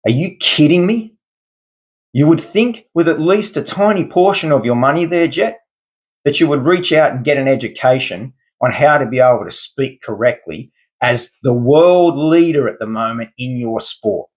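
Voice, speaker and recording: A man delivering an angry, lecturing monologue rant as a podcast host. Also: mid-range voice. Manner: indignant, lecturing, formal words.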